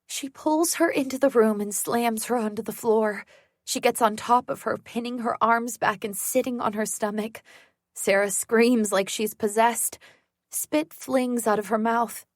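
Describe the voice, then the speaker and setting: A woman narrating a thriller audiobook in the first person, measured and tense. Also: a little high, fairly even intonation, no room sound, clean studio sound.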